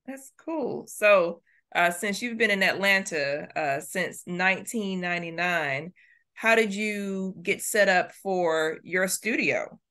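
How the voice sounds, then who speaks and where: A woman's voice: lowish voice, takes it slowly, bright, forceful tone. A woman hosting an interview, asking engaged, encouraging questions. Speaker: interview host.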